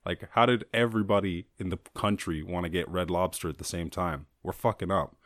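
A man hosting his own show, talking loosely and profanely in a jokey solo monologue and slipping into quick silly voices. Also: low-pitched, steady tone, fairly bright tone, dry recording, studio quality. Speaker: podcast host. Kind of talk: casual comedic monologue.

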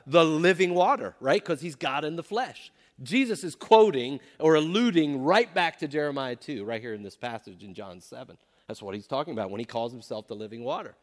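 A man teaching scripture to a group, emphatic, often asking them questions. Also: mid-range voice. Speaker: pastor or Bible teacher. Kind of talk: interactive Bible teaching.

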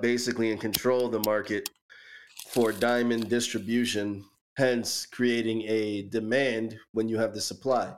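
A man on a podcast gives his take bluntly, swearing freely and hammering his points home. His voice sits at an ordinary middle pitch. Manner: blunt, profane, emphatic. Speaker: podcast co-host. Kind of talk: casual chat.

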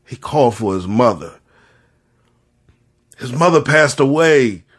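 An earnest man speaks straight to his listeners in a heartfelt, impassioned reflection. His pitch sits in an ordinary middle range, and he leans on repeated phrases to drive each point home. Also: expressive, unhurried, fairly bright tone, breathy edge. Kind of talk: impassioned spoken reflection to an audience.

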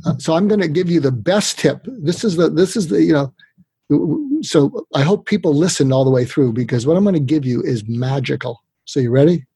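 Older man, husky, mellow, slightly high voice, dry close recording, animated advice-giving. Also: fairly quick, no room sound. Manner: animated, tells tips with acted-out quotes. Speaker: guest expert on communication. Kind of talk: conversational interview.

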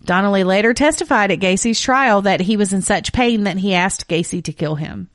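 A woman's voice: mid-range voice, brisk, no room sound, studio quality. A woman hosting a true crime podcast, reading case details and breaking off into blunt, profane asides. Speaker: podcast co-host telling the case.

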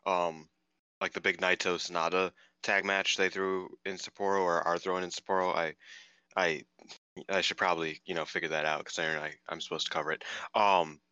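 A very deep-voiced man rambling through casual podcast chat and swearing freely. His tone is strikingly sharp and forward. His voice sounds smooth and resonant, even as he trips over his words. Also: brisk, no echo, lo-fi sound. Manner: rambling, swears freely, lots of fillers and restarts. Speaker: podcast co-host.

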